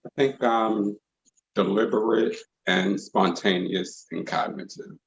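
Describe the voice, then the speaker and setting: A man as a guest in a casual conversation, giving slow, brief answers. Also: lowish voice, steady tone, creaky, a little hiss or hum. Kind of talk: casual chat. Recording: echoey, dull room sound.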